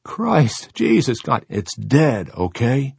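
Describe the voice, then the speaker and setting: A man's voice: on the low side, expressive, drawn-out words, gravelly, darkish tone, husky, dry recording, exaggerated voice. A man voicing a frightened grown man who is shaken and panicky, speaking in a strained, frantic way. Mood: panicked.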